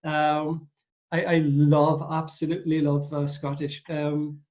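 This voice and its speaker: A middle-aged podcast host with a fairly high, darkish voice speaks a little slowly and completely flat. He rambles through a casual interview chat, hesitant and full of uhs, on dull lo-fi audio.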